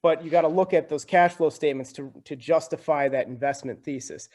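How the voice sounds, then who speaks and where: A talkative young man speaking as a podcast guest, his voice sitting a bit higher than most men's. He explains in a loose, conversational flow and keeps checking in with "right?" between points. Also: fairly quick, a little mellow. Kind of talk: casual explanatory talk.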